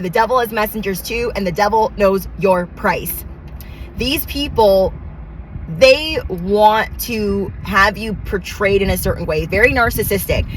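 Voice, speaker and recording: A woman's voice: mid-range voice, a bit bright, rough recording. Woman, tarot reader, channeled reading, emphatic, repetitive affirmations, casual slang, faint background noise.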